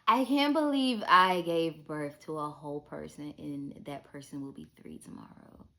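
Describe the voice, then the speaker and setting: A young woman with a low voice talks straight to her camera, confiding and frank. She keeps it loose and personal and swears casually. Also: moderate pace, pushed and bright. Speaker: vlogger. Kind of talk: candid talk to camera.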